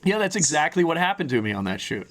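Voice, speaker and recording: A fairly high-voiced man hosting a podcast in loose, casual conversation. He rambles a little, restarting sentences and filling gaps with "um" and "you know" as he chats with his guest. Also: very animated, fast talker, a bit bright. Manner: rambling, with frequent restarts and fillers. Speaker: podcast host. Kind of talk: casual interview chat.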